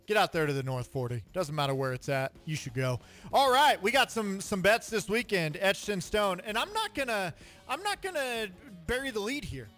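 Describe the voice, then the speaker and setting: High bright-voiced man, jokey sports radio. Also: moderate pace, faint music behind. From central Illinois. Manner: animated, jokey, sudden excited outbursts. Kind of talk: casual sports radio banter.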